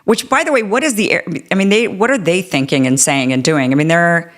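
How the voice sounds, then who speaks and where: A woman's voice: fairly low pitch, a little fast, a bit bright. A woman hosting an interview show who asks questions casually and rambles, with many "I mean" and "like" fillers. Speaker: show host. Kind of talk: political interview.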